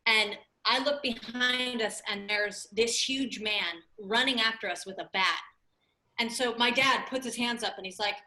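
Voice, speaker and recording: A woman in her late twenties, a comedian telling an animated story full of "like"s on a podcast. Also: a little high, moderate pace. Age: late 20s. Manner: animated, laughing storyteller with many "like"s. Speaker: comedian guest.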